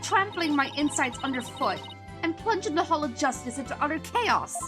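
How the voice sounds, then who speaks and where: A woman's voice: high voice, expressive, moderate pace, over music, pitched above the performer's own voice. A woman voicing a proud, stern young princess priestess, imperious and scornful. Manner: imperious, scornful then wavering.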